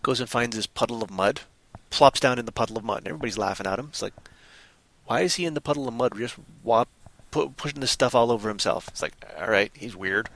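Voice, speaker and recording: A man chatting on a podcast, animatedly retelling movie scenes and slipping into quick voices for the characters. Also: mid-range voice, creaky, a bit bright, dry recording. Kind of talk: casual chat.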